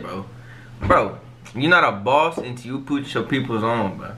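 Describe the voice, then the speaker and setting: A man's voice: medium pitch, lively intonation, normal speed. A young man hosting a music reaction video, talking in casual, profane street slang and cutting in over the song.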